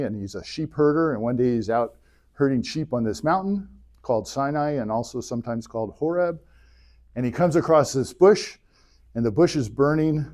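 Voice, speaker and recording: A man's voice: medium pitch, darkish tone. Joking man retelling a story to a class. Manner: chatty and joking, acting out dialogue. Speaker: adult class teacher. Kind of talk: humorous casual retelling of a story. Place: church classroom.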